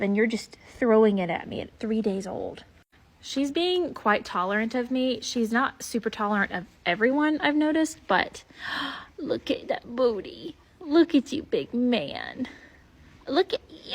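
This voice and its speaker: A woman's voice: on the high side, expressive, a little slow. A woman filming her foals in a barn, gushing at them in casual baby talk. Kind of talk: casual vlog talking to foals. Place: horse barn and arena.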